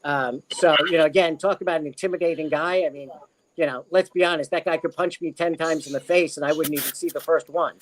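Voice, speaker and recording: Speaking fast in a fairly high, steady voice, this middle-aged man from Maryland is chatting as a podcast guest. Over poor audio, he tells casual stories that ramble, with lots of fillers and restarts.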